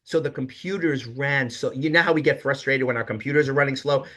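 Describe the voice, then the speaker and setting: Middle-aged male guest, bright forceful tone, animated storyteller. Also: mid-range voice, a little fast. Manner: animated storyteller, quotes others with emphasis. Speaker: guest, hotel executive. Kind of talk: casual interview storytelling.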